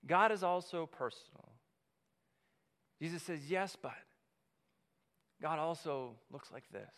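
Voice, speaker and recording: A male pastor delivering a sermon in a conversational way, repeating key phrases and pausing often. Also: a little high, expressive, a bit bright. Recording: long reverb of a large hall.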